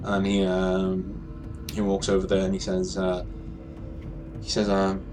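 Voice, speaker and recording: A man narrating as game master of a tabletop game, relaxed and full of pauses. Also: sits low, faint music behind. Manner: relaxed, hesitant with many fillers.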